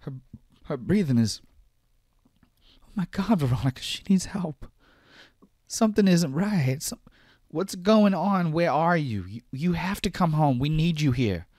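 A man voicing a frantic, panicked mother in a shrill falsetto, stammering and crying out. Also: lively intonation, moderate pace, hardly any pauses, fairly bright tone, dry recording, studio quality.

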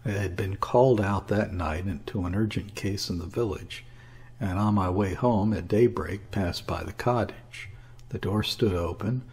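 Husky-voiced man reading a classic story. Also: low voice, moderate pace, a little mellow. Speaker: audiobook reader. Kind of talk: scripted narration of a classic story.

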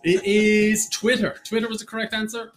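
A man's voice: high voice, level tone, soft background music. Irish man bantering as a quiz host. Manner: bantering, reads questions out slowly. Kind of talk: casual online quiz hosting.

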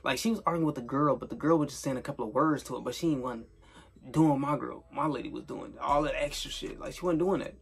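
A man's voice: mid-range voice, quick pace, creaky, husky. A young man telling a casual storytime vlog, rambling and swearing, with lots of filler tags. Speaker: storyteller vlogger.

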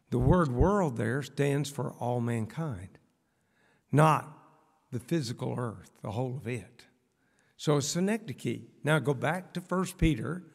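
A man's voice: on the high side, gravelly, husky. An older man preaching a sermon in a church, folksy, with rhetorical questions and humorous asides. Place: church sanctuary. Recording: long church reverb.

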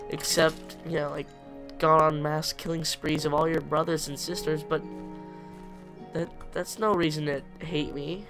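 A man's voice: on the high side, unhurried, gravelly, over music. A man giving casual commentary over his own gameplay, chatty and jokingly self-pitying, talking back to the creatures in the game. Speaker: let's play gamer.

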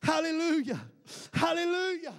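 A pastor preaches in a strikingly high voice. He piles up fervent rhetorical questions to his congregation in the church. It is a classic revival-style sermon. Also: normal speed, fairly bright tone. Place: church building before a congregation.

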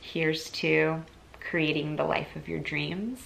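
A woman in her thirties talks straight to her camera in an earnest, heartfelt vlog, her voice getting teary now and then. Her tone is bright and a little low-pitched, with a gravelly edge of vocal fry. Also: fairly even intonation, takes it slowly, slight background noise. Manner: earnest, tearful, chatty with laughs. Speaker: YouTuber and influencer.

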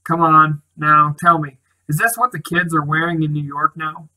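A man's voice: on the high side, flat delivery, moderate pace, pushed and bright, poor audio. Male reader doing a brash, streetwise teen boy; storybook reading, teasing. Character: brash, cocky teenage town boy.

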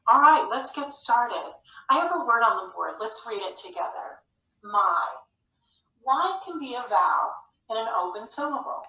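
A woman's voice: mid-range voice, creaky. Woman teacher in a roomy, distant recording. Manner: gentle, explanatory classroom delivery. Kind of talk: recorded video lesson.

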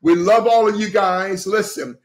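A man hosting a heated political livestream, animated and breaking into shouts, thanking viewers for gifts. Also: high voice, unhurried, background noise. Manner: animated, breaks into shouts, repeats okay, coughs. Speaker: livestream host addressing viewers as pastors. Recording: echoey room.

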